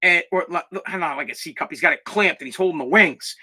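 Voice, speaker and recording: A man's voice: on the high side, quick pace, sharp tone, husky. A young man hosting a podcast, telling stories in a brash, profane, emphatic way. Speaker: podcast host. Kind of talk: casual storytelling chat.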